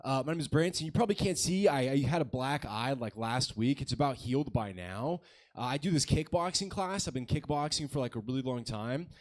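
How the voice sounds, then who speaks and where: A man's voice: medium pitch, expressive, brisk. A man in his twenties doing a crude, self-mocking stand-up set on a comedy club stage. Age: 20s.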